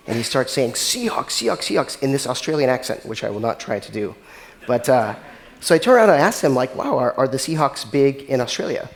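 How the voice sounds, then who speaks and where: A man speaking at a mid pitch, giving a conference keynote as a technology executive. His delivery is casual and conversational, dotted with filler words. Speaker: chief technology officer giving a conference talk.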